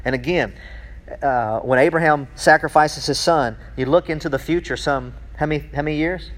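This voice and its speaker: Excitable pastor preaching to a congregation. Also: male voice, a little high, moderate pace. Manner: excitable, breaks off mid-sentence, reads scripture aloud. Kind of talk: sermon.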